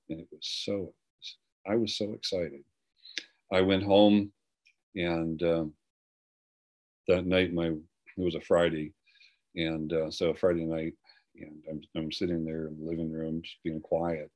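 An older man with a low, deep voice recounts his own story as a personal testimony. He speaks earnestly and haltingly, often restarting his sentences. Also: a little mellow, lo-fi sound. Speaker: guest speaker.

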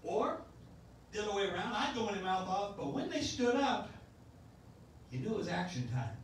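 A man's voice: high-pitched, sing-song, moderate pace, slight background noise. Pastor, man in his sixties, folksy sermon delivery, sounds far from the mic in an echoey church. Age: 60s. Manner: folksy preaching with repeated restarts. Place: church sanctuary.

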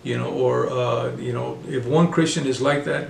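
Gravelly halting male preacher. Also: mid-range voice, steady tone, echoey room, slight background noise. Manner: halting, many fillers and restarts. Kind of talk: sermon.

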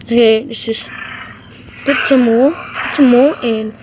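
Excitable woman commenting on gameplay. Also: fairly high pitch, a little slow, noisy background. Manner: excitable, repeats short exclamations. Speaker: gaming channel host.

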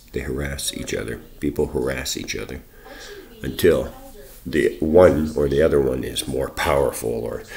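A man with an extremely low, deep voice recounts a run-in in a loose, rambling way. He swears often and jumps into quoting the other people in short bursts. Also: gravelly. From Canada. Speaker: vlogger. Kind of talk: rambling personal account.

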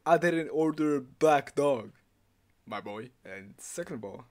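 With a fairly high voice and a measured pace, a young gaming YouTuber narrates a horror game as he plays. He swears plenty, screams and yelps at jump scares, repeats himself, and is generally loud and excitable.

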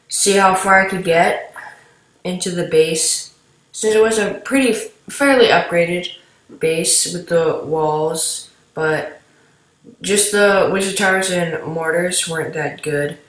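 Woman chatting slowly thru her gameplay, kinda rambly, voice a bit low. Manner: rambling, chatty, talks to viewers while playing. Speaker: gameplay commentator. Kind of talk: casual gameplay commentary. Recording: echoey room.

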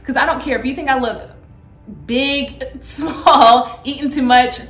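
A woman's voice: unhurried, reverberant. A woman, a vlogger chatting casually and telling a story with lots of laughter. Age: 30s. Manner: animated, laughing, acts out quotes in a high excited voice.

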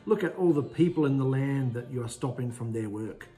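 A man's voice: medium pitch, animated, a little fast, soft background music, natural voice. A man voicing a scornful, arrogant male Pharaoh who mocks and barks orders. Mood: dismissive. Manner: mocking, sneering, shouting orders.

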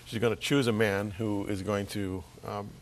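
Deep gravelly male interview host. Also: fairly even intonation, a little hiss or hum. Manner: measured, reflective, drops to a near whisper at times. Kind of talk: interview conversation.

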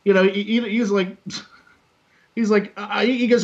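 A man with a fairly high voice tells a raucous story, swearing constantly and acting out each part with big energy. He is recorded at home, and the sound is echoey and dull, like a lo-fi room recording. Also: unhurried. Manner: profane, animated storytelling. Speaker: podcast host. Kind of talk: casual storytelling.

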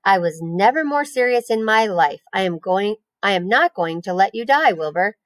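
A woman reading aloud, voicing a calm and motherly female barn spider who speaks firmly and soothingly. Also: mid-range voice, moderate pace, no echo, lightly acted, rough recording.

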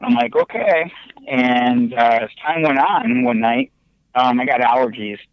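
A man telling his ghost story as a podcast guest, animated and excitable, with big jumps in his voice. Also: medium pitch, unhurried, gravelly, clear, resonant tone, dry recording. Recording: dull, lo-fi remote audio.

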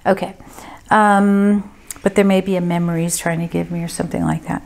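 A woman's voice: fairly low pitch, little pitch movement, brisk, vocal fry, a little mellow. Hesitant woman giving a medium reading. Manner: hesitant, thinking aloud with many ums. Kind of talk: group reading, casual talk.

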